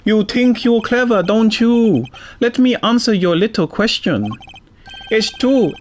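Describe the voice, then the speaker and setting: A man's voice: high-pitched, measured pace, a little hiss or hum, pitched above the performer's own voice. A man voicing an arrogant, domineering male president in a video game, reading his lines with imperious scorn. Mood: gloating. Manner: imperious, scornful, barking commands. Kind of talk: reading game dialogue aloud on a stream.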